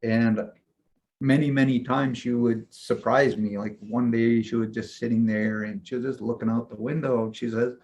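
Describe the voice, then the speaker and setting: Male shaman-mentor, casual storyteller, mid-pitched, loose and animated, muffled lo-fi sound. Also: moderate pace. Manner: rambling, animated retelling with frequent "I'm like".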